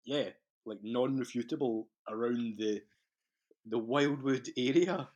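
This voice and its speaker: A Scottish-accented man speaks as a podcast guest in casual, rambling chat. He swears freely and laughs through his anecdotes. His voice sits at a middling pitch for a man. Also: takes it slowly, a little mellow. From Scotland.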